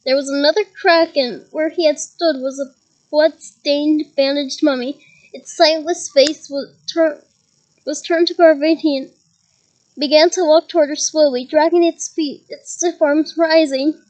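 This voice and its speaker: High-voiced woman reading a story aloud. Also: unhurried, low-quality recording. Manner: lively reading with chuckles and side comments. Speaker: reader.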